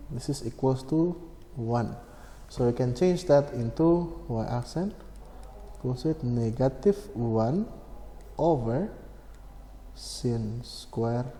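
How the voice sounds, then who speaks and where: A man explaining a maths problem step by step, slow and methodical, with many fillers and self-corrections. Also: mid-range voice, mellow. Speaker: maths tutor. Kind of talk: screen-recorded maths lesson. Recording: echoey room with long reverb, faint hum.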